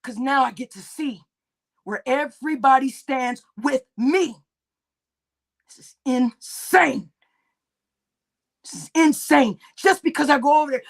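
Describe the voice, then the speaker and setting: A woman hosting a livestream, ranting angrily, swearing heavily and breaking into shouts. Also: high-pitched, normal speed. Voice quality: heavy cursing, shouting bursts. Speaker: livestream host. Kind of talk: angry livestream rant.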